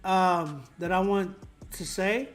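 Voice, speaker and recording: A man's voice: high voice, takes it slowly. A young man, a music producer, casually critiquing a rap submission in a rambling, laid-back way with many fillers.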